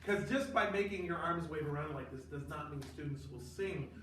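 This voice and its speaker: A man's voice: fairly high pitch, a little fast, background noise. A man teaching a choral conducting class, lecturing emphatically with sarcastic asides. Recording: echoey room, distant mic.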